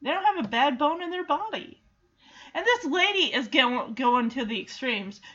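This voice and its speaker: A woman hosting a show, chatting through a sitcom episode in an animated, sarcastic way. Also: sits high, normal speed, muffled recording. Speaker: recap podcast host. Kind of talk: casual episode recap commentary.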